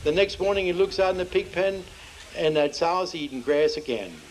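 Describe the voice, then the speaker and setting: A man's voice: animated, moderate pace, a little hiss or hum, rough recording. A man telling folksy jokes to a festival audience, acting out the characters' lines as he goes. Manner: homespun storyteller, acts out dialogue with shifting pitch. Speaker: joke teller. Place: outdoor festival.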